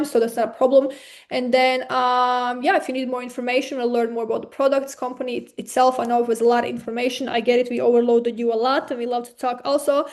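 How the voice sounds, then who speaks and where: A woman presenter with a non-native accent, pitching packages in an eager, persuasive way over a webinar. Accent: non-native English. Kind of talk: sales pitch.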